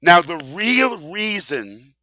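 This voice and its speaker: Sarcastic older man ranting, bright voice. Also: high voice, sing-song, slow. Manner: sarcastic, emphatic, rambling with rhetorical questions. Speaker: vlogger. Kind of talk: casual ranting monologue.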